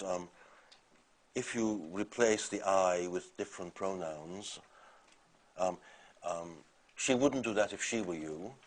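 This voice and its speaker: An older man teaching a lecture course in a relaxed, rambling way, pausing on "um" and restarting his sentences. His voice sits a little low. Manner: conversational, hesitant with fillers and restarts. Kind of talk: university lecture.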